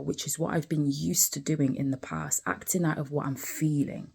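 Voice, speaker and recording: A woman's voice: sits low, steady tone, moderate pace, gravelly, warm tone, breathy edge. A tired woman, talking candidly in a personal vlog while sitting outside, often repeating herself and asking the listener if they follow. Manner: candid, conversational, repeats phrases, frequent asides to the listener. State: tired, yawning. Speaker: vlogger.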